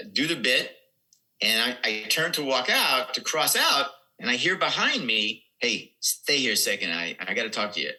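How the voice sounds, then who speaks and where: A man's voice: lowish voice, pushed and bright, low-quality recording. A man in his seventies, a comedian guest telling rambling anecdotes in casual podcast talk. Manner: rambling anecdotes with quoted dialogue.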